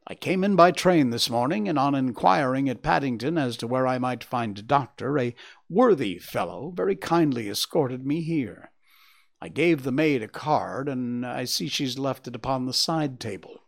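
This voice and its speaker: A man's voice: mid-range voice, animated, moderate pace, gravelly. A man voicing a shaken, wounded young engineer in a storybook reading, talking in agitated, breathless bursts.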